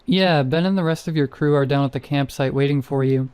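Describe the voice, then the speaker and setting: A man playing a calm male park ranger who reassures a frightened hiker. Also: a little high, fairly quick, smooth, no room sound, close to an everyday voice. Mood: reassuring. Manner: steady and reassuring.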